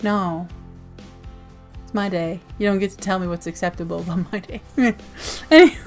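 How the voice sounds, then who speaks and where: Speaking at normal speed in a medium-pitched voice, a woman vlogger giggles often as she gushes, bubbly and casual, over zines from her mail. Faint music sits behind her.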